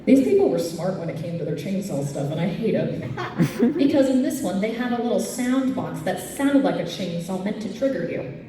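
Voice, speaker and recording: Animated woman telling stories on stage. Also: medium pitch, moderate pace, far from the mic. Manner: animated, acts out her own reactions in silly voices. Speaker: comedy panel host. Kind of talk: live stand-up storytelling at a convention panel. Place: convention panel room with audience. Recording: echoey room recorded from afar, audience noise. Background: audience chatter and laughter.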